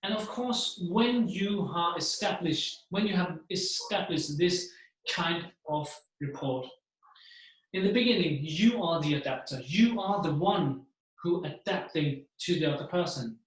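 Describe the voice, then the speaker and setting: A motivational keynote speaker with a fairly high voice talks a little slowly to a seminar audience in a very echoey room. He's animated and acts out the voices he describes.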